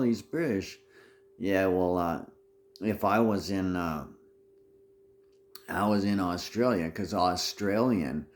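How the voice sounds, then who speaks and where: A man's voice: low voice, darkish tone, a little hiss or hum. A man talking in a rambling monologue, repeating himself and restarting phrases.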